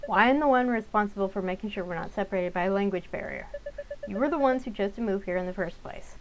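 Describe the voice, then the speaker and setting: A woman's voice: mid-range voice, fast talker, slight background noise, lightly acted, low-quality recording. A woman reading an exasperated teenage girl. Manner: impatient, lecturing. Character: sharp-tongued teenage girl, exasperated and clever.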